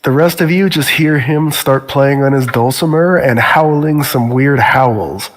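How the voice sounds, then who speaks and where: A man narrating a tabletop game as game master in a measured, dry manner. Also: medium pitch, big-room sound.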